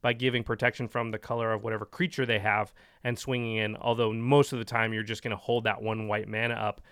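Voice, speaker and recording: Smooth-voiced man explaining card games. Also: on the low side, fast talker, no room sound, clean studio sound. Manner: relaxed, explains card rules in detail. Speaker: co-host. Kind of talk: casual card-game discussion.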